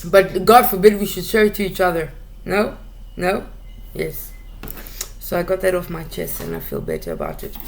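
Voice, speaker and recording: A woman's voice: fairly low pitch, sing-song, normal speed, gravelly, slight background noise. A woman hosting a solo talk show, ranting bluntly with lots of swearing and repeated words as she gets heated. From South Africa. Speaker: podcast host ranting solo. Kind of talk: casual monologue rant.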